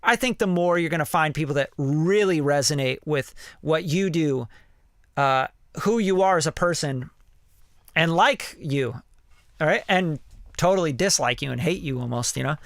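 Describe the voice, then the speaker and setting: Music producer guy rambling on his stream, kinda high voice, dry close sound, says like a lot, swears casually. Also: moderate pace, no room sound. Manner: candid and rambling, heavy use of "like" and "you know", swears freely. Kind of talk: casual live-stream talk.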